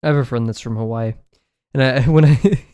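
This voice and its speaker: A man's voice: mid-range voice, fairly quick, warm tone, clean tone. Chatty man rambling during a stream. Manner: rambling, laughs often, many fillers. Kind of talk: casual chat while drawing.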